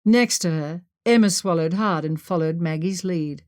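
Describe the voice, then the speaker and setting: A woman narrating an adventure audiobook in a steady, clear storytelling voice. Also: lowish voice, moderate pace. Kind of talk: scripted narration.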